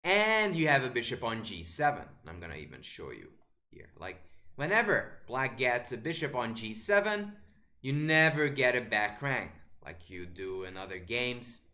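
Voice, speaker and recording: A man's voice: mid-range voice, sing-song, normal speed, bright, forceful tone. A man, a chess grandmaster streaming live, commentating a game while firing exasperated rhetorical questions at the board and muttering move lines to himself.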